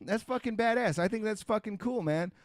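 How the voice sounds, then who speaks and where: A middle-aged man on a casual podcast, swearing constantly as he hammers his point home. His voice sits a bit high for a man, and the sound is dry and close, with no room around it. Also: a little fast, dry recording. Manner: heavily profane, emphatic ranting; repetitive, restarts and rhetorical questions. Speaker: podcast host.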